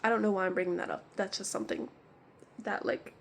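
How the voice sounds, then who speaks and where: A woman's voice: mid-range voice, fairly even intonation, fast talker, creaky. A woman vlogger telling a story in a casual, rambling way, exasperated and leaning heavily on "like.". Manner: rambling and exasperated, heavy use of "like".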